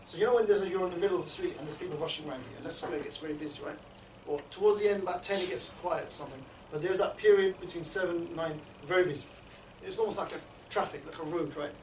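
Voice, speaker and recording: A man training a group in street outreach, talking in a rapid, chatty way and often checking in with his listeners. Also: on the high side, slight background noise. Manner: rapid, chatty, keeps checking in with "yeah?" and "right?". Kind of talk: instructional group talk. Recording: echoey room, mic at a distance.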